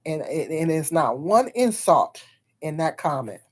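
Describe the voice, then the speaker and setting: A woman chatting on her own livestream in a slightly low voice, talking frankly to whoever drops in. She rambles, circles back over her words and laughs often between thoughts. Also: big pitch swings, unhurried, slightly rough. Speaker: livestream host. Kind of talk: casual livestream chat.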